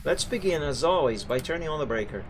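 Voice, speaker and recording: A man's voice: a little high, animated, quick pace, a little hiss or hum. A man streaming a ghost-hunting game live, chatting with viewers and reacting as he plays. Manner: chatty, jumpy, talks to chat while playing. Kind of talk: live gameplay commentary.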